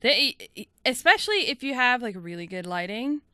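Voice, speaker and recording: Bright, upbeat woman podcast host. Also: a little high, very animated, normal speed, clear, resonant tone, no room sound, clean studio sound. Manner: upbeat, laughs often. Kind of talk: casual interview chat.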